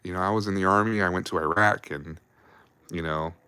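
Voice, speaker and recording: Deep-voiced veteran telling rambling army stories. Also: male voice, fairly even intonation, a little fast, sharp tone, clean tone, dry recording. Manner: rambling, profane, laughs while telling stories. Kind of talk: casual storytelling on a livestream.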